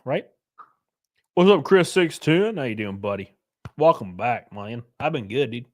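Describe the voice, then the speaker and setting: Animated yet measured in pace, this man's mid-range voice leads a casual livestream where he reads chat aloud and responds in a loose, joking, rambling style.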